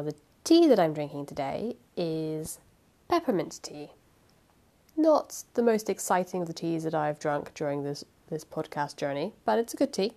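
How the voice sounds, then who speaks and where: A woman's voice: lowish voice, darkish tone. A woman hosting a podcast, chatting casually and then reading a classic novel aloud with expression. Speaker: podcast host and reader.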